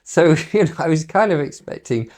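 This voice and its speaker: A middle-aged British broadcaster chatting casually, telling an animated story, laughing often and acting out what people said. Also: male voice, a little high, moderate pace. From Britain. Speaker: broadcaster being painted. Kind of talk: casual chat.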